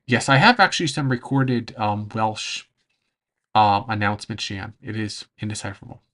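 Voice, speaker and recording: A man chatting casually on a livestream, answering chat, rambling and often pausing to search for words, with frequent laughs. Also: fairly low pitch, a bit bright. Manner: laughs between phrases. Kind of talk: casual livestream chat over travel footage.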